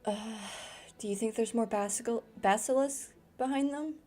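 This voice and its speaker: A woman playing a tabletop game who calmly explains her character's moves. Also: fairly high pitch, normal speed. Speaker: player. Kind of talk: casual tabletop play.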